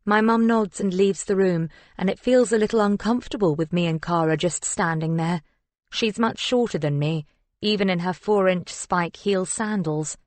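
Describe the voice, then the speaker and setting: A woman narrating a first-person thriller audiobook in a measured, reflective storytelling manner. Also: lowish voice, darkish tone, no echo.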